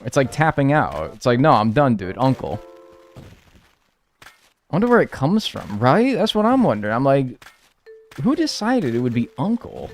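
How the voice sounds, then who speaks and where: A man from North America giving casual live commentary while playing a game, rambling and joking, with sudden loud yelps. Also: mid-range voice, wildly swooping pitch, moderate pace, pauses often, soft background music. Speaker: streamer playing a life-sim game.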